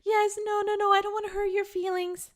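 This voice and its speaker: A woman voicing an anxious people-pleaser who hurries to agree to everything. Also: flat delivery. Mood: pleading. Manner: pleading, high and hurried.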